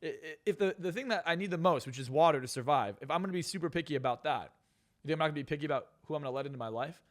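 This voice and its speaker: Racing along in a slightly high voice, a male podcast guest delivers a profane, blunt rant full of strong views during casual conversation.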